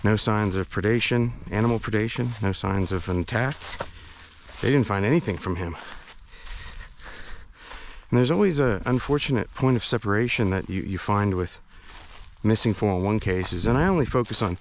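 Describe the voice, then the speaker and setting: A man's voice: fairly low pitch, moderate pace, a little hiss or hum. Breathless man rambling on a forest hike. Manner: rambling, hesitant, many fillers and restarts. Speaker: vlogger hiking a forest trail. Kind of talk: casual walk-and-talk vlog. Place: outdoors in a national forest.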